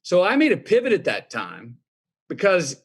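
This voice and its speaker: Man, husky voice, unhurried storyteller, interview guest. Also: sits high. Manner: drawling, relaxed storyteller with laughs.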